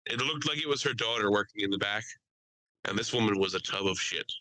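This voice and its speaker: A young man telling stories on a casual podcast, talking loud, swearing freely and laughing often. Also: lowish voice, a little fast, no room sound, rough recording. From Delaware County, Pennsylvania. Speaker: podcast host.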